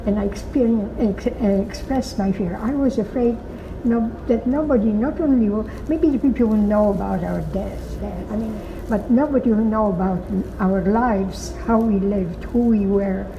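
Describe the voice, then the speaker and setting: Older woman with a gravelly voice. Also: medium pitch. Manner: slow, halting, emphatic storytelling. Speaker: Holocaust survivor giving testimony. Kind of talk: recorded testimony. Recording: echoey, muffled recording with noise.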